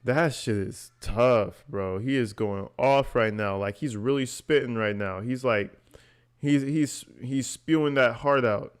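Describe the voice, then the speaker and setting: A man's voice: mid-range voice, measured pace, smooth. A man with a mid-range voice riffs through casual reaction commentary. He speaks in a mocking, slangy way and laughs often. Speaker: commentary host.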